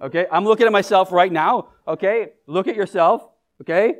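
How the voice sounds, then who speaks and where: High-voiced pastor preaching conversationally. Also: male voice, normal speed. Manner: engages the congregation with questions and humor. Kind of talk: conversational sermon.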